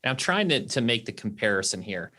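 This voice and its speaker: A man's voice: lowish voice, very animated, brisk, bright, forceful tone. A man hosting a podcast, working out his questions aloud with frequent restarts in a casual, curious way. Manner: thinking aloud, restarts while framing questions. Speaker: podcast host. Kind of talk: conversational podcast interview.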